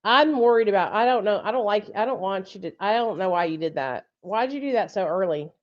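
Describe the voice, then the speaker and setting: Laughing frequently, a podcast host runs a relaxed live chat, swearing freely and speaking bluntly. Her middle-pitched voice has lively intonation and moves a little fast. The slightly dull, lo-fi sound resembles a video call.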